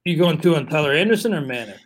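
Slightly high-voiced man leading a podcast. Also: racing. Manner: steady, leads the segment, moves between topics. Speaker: podcast co-host. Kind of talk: casual fantasy baseball chat.

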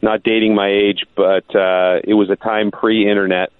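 A man's voice: lowish voice, level tone, normal speed, smooth, no echo. Brief: a male guest storyteller with a wry tone, heard over a thin, dry phone line. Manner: joking storyteller. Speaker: guest, TV sportscaster. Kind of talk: phone-in podcast chat.

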